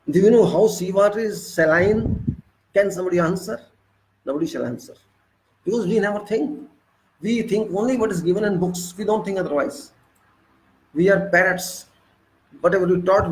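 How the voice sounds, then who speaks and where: A man's voice: high voice, rough recording. A man giving a spiritual talk, scolding his listeners with long repeated lists and pointed rhetorical questions. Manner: emphatic questions to the audience. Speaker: spiritual speaker. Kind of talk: preaching monologue.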